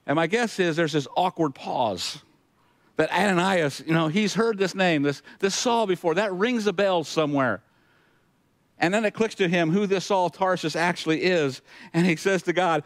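A man's voice: on the high side, moderate pace, dry recording. A male pastor preaching a sermon, retelling scripture with emphatic asides to the congregation.

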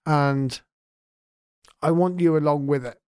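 Here the English mayor and podcaster talks slowly in a high-leaning, slightly mellow, clean-toned voice. The recording is dry and studio grade, and his relaxed podcast update stays earnest and heartfelt, occasionally turning emotional.

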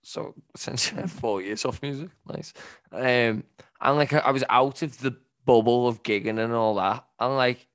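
A man's voice: mid-range voice, normal speed, a bit bright. A man, a musician on a casual podcast, ranting through a story and swearing, checking in with "right?" often. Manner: ranting anecdote-teller who says "right?" often and swears a lot.

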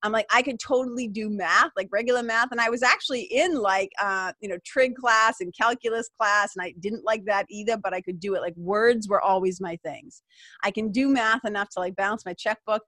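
A woman's voice: medium pitch, a little fast, sharp tone, dry recording, clean studio sound. A woman, hosting a podcast and telling stories from her own life in a candid, casual way, swearing freely and using lots of fillers. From Massachusetts. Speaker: podcast host. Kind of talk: casual storytelling monologue.

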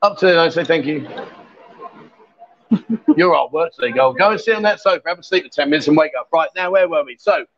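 A man with a high, light voice hosts a live stream from a bar, teasing and joking with his guests in easy banter. The audio is dull and lo-fi. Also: animated, a little fast, long pauses, fairly bright tone. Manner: teasing, jokey and chatty. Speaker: livestream host.

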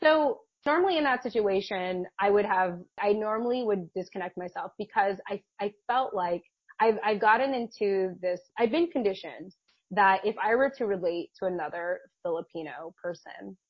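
A woman's voice: mid-range voice, moderate pace, breathy edge, no room sound. Chatty woman telling a story, muffled audio. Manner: chatty, laughs often, many fillers and restarts. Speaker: podcast co-host. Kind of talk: casual storytelling chat.

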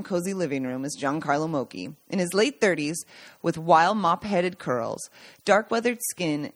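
A woman reading her own memoir aloud as a podcast host, telling the story warmly with small slips and restarts. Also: lowish voice, dry recording. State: choked up at times.

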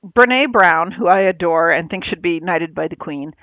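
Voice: mid-range voice, normal speed, no room sound. A co-host sharing reflective thoughts in casual chat, swearing now and then. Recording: tinny phone-like line, dry.

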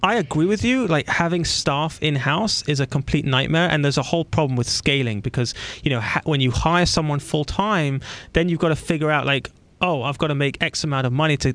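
Chatty man hosting an interview. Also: on the high side. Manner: animated storytelling, acts out quoted voices. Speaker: podcast host. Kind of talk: casual interview chat.

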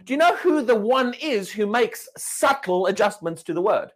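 A man's voice: sits high, animated, moderate pace. A man preaching a sermon, emphatic and questioning, repeating and restarting words as he drives his points home.

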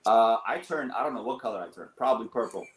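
A man in his thirties, a guest on an interview show, telling stories in an animated, rambling way with many fillers. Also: mid-range voice, fast talker, a little hiss or hum. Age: 30s. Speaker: guest, business owner and coach. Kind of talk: casual storytelling interview. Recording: roomy echo.

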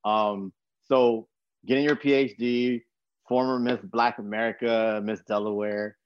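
A young man hosts a podcast in a relaxed, slangy way, full of jokes. His voice sounds dry and slightly dull, with no room around it. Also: on the low side, measured pace, smooth, dry recording. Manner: laid-back, slangy, jokey. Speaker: podcast host. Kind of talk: casual interview chat.

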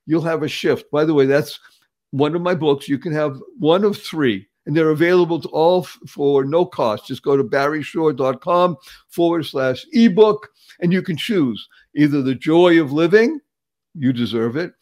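Older guy in his 70s, peppy motivational speaker, kinda high voice, keeps laughing and saying hello. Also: normal speed, a little mellow. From Boston area, USA. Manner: emphatic, repeats words, laughs often, says "hello" as a punchline. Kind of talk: upbeat motivational interview talk.

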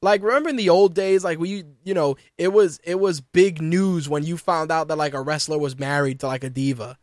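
Animated profane man, dry sound. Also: on the high side, brisk, no room sound. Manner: animated, profane, mocking quotes. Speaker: co-host of wrestling podcast. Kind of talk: casual chat.

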